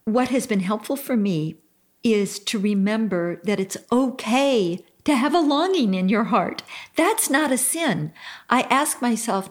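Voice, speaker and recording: This is an older woman hosting a Christian talk program. She speaks very slowly and deliberately. Her tone is earnest and heartfelt, and she leans into each phrase as she gives counsel. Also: a little high, animated. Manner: slow-paced. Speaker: radio show host.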